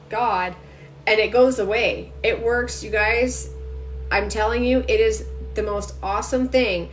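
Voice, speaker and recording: A woman giving an intuitive energy reading to viewers during a casual phone livestream, talking quickly and emphatically and addressing the audience directly. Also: fairly high pitch.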